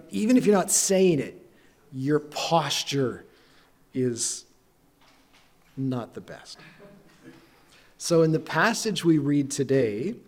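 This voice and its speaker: A man's voice: a little high, a little mellow. Man preaching a chatty storytelling sermon. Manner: conversational storytelling with self-deprecating humor. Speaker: pastor.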